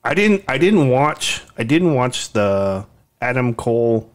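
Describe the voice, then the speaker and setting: A man at a mid pitch co-hosts a podcast in relaxed conversation. He rambles a little as he tells his stories and hesitates often. His delivery sounds easygoing and unscripted. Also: slow pace. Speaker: podcast co-host. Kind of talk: casual chat.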